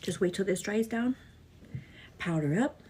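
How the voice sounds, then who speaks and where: A young woman vlogging in a relaxed, chatty way as she gets ready for the day. Her voice is mid-pitched with a slightly husky edge. She laughs easily and slips into a brighter, higher tone when she acts out her own replies. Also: a little slow. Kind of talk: casual chat while doing makeup.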